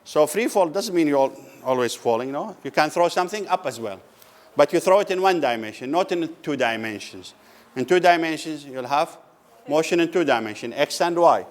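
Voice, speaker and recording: Man lecturing, slow questioning delivery. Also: a little high, lively intonation. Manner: asks the class questions and answers them, repeats key words slowly. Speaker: physics lecturer. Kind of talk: classroom lecture. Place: lecture room.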